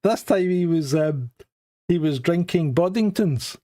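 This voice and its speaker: A man's voice: on the high side, expressive, unhurried, warm tone. A Scottish man co-hosting a live stream in casual chat, joking and laughing at his own remarks. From Scotland. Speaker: co-host of a live show.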